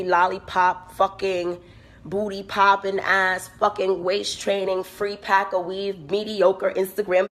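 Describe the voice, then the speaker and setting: A woman in her twenties delivering an angry, heated rant full of swearing and repetition. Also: low voice. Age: 20s. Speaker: guest speaking in a played clip.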